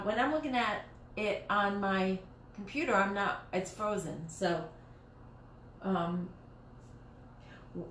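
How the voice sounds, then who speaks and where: A woman hosting a home live stream talks slowly and loosely, wandering through her thoughts and stopping to restart half-finished sentences. Her voice sits in a roomy, echoey dining room. A faint hiss of background noise runs underneath. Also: medium pitch. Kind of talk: casual live-stream chat while crafting.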